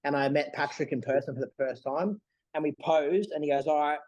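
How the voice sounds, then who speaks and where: A man co-hosting a casual podcast chat, an animated storyteller who acts out what people said. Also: fairly high pitch, brisk, highs cut off. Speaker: bodybuilder and podcast co-host.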